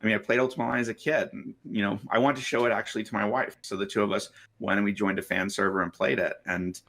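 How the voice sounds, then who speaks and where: A man's voice: on the low side, fairly even intonation, fast talker, vocal fry, a bit bright. A man answering in an interview, rambling with lots of fillers, played from a clip. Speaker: game developer being interviewed.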